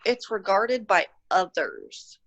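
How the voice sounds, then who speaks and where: A woman's voice: medium pitch, huge pitch swings, slow pace, fairly bright tone. A woman presenting a podcast episode in casual chat, explaining things step by step. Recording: dull lo-fi recording.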